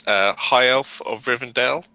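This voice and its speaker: A man's voice: mid-range voice, a little slow, sharp tone, dry recording, muffled recording. A man briefly introducing himself as a player in a tabletop game, with hesitant fillers. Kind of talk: casual chat.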